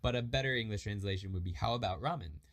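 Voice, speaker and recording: A man teaching a casual language lesson, explaining grammar and reading example phrases slowly and patiently. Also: on the low side. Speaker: Japanese learner teaching a lesson.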